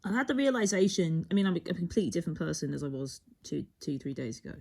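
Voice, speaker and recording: A woman's voice: lowish voice, big pitch swings, rapid-fire, creaky, dark tone, slightly rough. A woman giving a tarot card reading in a rambling, musing way, often breaking off mid-sentence and sometimes dropping almost to a whisper. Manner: rambling, musing, self-interrupting. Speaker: tarot reader.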